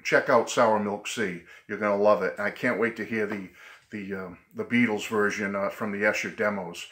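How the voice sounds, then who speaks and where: A man with a Boston-Providence New England accent, talking excitedly and rambling in a casual vlog, often laughing. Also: fairly low pitch, normal speed. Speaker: vlogger.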